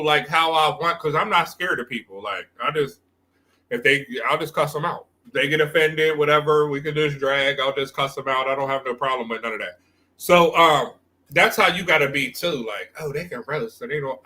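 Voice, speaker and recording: A man's voice: on the high side, bright, forceful tone. A man hosting a livestream, giving blunt, profanity-heavy trash talk and rambling commentary that circles back on itself. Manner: rambling, repeats himself. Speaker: livestream host. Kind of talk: unscripted stream commentary.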